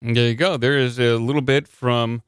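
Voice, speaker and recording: A man's voice: medium pitch, fairly even intonation, normal speed, clean tone, no room sound, clean studio sound, faint music behind. A male podcast host in casual, loose chat, joking and rambling with his co-host. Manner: loose, joking, full of fillers and restarts.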